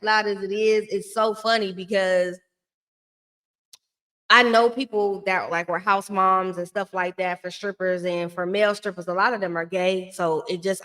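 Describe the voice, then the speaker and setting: A woman giving a blunt, chatty recap of a reality show in a casual, slangy way. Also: fairly low pitch.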